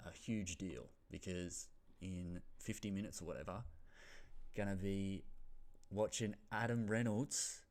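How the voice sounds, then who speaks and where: A young Australian man giving a casual, rambling footy commentary, swearing freely and sometimes losing his train of thought. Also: lowish voice. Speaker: footy tipping vlogger.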